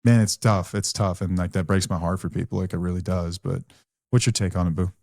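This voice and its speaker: A man's voice: deep voice, steady tone, brisk, vocal fry, darkish tone, no echo, studio quality. A man co-hosting a podcast, speaking in a candid, blunt and earnest way about recovery from his own experience. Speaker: podcast co-host. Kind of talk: candid conversational podcast talk.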